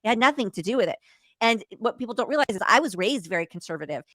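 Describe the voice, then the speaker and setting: A woman's voice: mid-range voice, animated, fast talker, pushed and bright, dry recording. A woman hosting a podcast, talking in a frank and emphatic way in casual chat. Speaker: podcast host.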